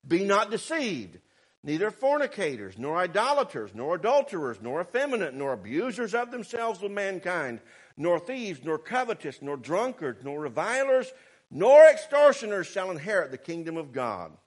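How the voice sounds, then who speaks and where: A man preaching a sermon, fervent and swinging between shouted warnings and quiet asides. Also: high voice, big pitch swings, normal speed. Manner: fervent, rising to shouts, then quiet and sarcastic.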